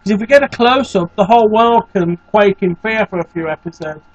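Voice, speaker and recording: A man hosting a game playthrough, excitable and sweary, with mock-scared outbursts. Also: high-pitched, a little fast, dry recording, muffled recording. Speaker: let's play host. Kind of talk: gaming commentary.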